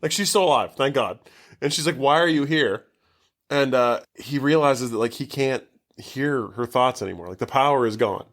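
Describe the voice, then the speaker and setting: Man, podcast co-host, casual movie recap, rambling, swears a lot, heavy "like" filler, middle pitch. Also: normal speed, a bit bright.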